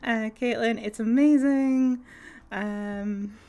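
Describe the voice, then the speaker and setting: A woman's voice: fairly high pitch, steady tone, slow pace, a little mellow, smooth. A woman chatting casually with her viewers on a game live stream, giggly and rambling with lots of ums.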